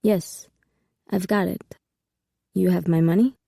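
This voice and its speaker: A woman's voice: fairly low pitch, fairly even intonation, slow, gravelly, mellow, breathy edge, dry recording, clean studio sound, exaggerated voice. A woman voicing a cold, suspicious man with a Latin American accent, speaking in a clipped and icy way.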